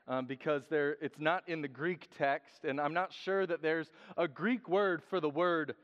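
A man preaching a sermon in a lively, joking way, acting out quotes in different voices. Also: fairly high pitch. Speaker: pastor. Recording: dull sound with long hall reverb.

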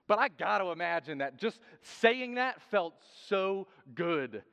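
A man preaching a sermon in a lively, joking way, acting out quotes in different voices. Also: high-pitched, measured pace, gravelly, clear, resonant tone. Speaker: pastor. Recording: dull sound with long hall reverb.

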